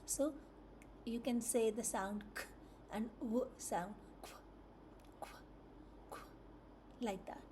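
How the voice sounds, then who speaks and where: Slow patient lady teaching phonics sounds, repeats each one, soft mellow tone, a bit of room hum. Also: fairly high pitch.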